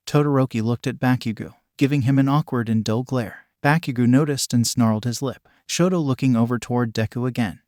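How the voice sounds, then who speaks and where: A man narrating a fan fiction story in a steady, even reading. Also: medium pitch, brisk, hardly any pauses, no echo, clean studio sound.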